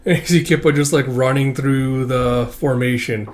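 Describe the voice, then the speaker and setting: A man's voice: mid-range voice, fairly even intonation, moderate pace. A man casually retelling a comic book, rambling and peppering every sentence with "like". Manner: rambling, filler-heavy with lots of "like". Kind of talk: casual comic read-through.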